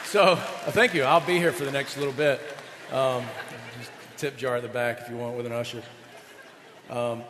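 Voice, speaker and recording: A male pastor preaching a chatty, animated sermon, often asking his audience questions. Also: medium pitch, moderate pace, pauses often, big-room sound, crowd noise, noisy background.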